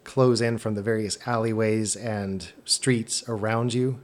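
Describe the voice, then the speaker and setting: A man's voice: lowish voice, fairly even intonation, measured pace. A man narrating a tabletop game as game master, descriptive and sometimes stumbling over his words.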